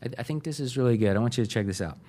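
A man's voice: mid-range voice, lively intonation, racing, mellow. A middle-aged man, a pastor giving a sermon in an earnest, conversational way. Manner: conversational, earnest, uses fillers.

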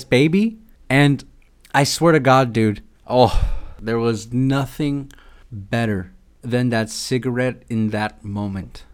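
A man's voice: medium pitch, clean tone. Swearing, rambling man host. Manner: irreverent, swearing, rambling storyteller. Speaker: podcast host. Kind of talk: casual comedic monologue.

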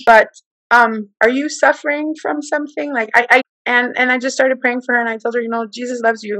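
Lively woman in her forties telling a story. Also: fairly high pitch, no echo, rough recording. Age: 40s. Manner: animated storyteller, acts out quoted voices. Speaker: guest. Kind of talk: personal testimony in conversation.

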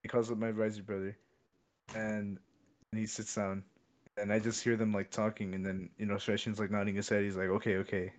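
A man's voice: fairly low pitch, level tone, a little fast. A young man telling a long story in casual chat, rambling and repeating himself. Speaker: podcast co-host. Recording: dull lo-fi sound.

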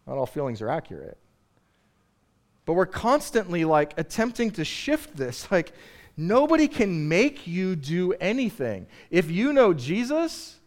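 Middle-aged male pastor, slightly high voice, chatty sermon delivery with strong swings in volume. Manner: conversational, swings from quiet to loud and emphatic.

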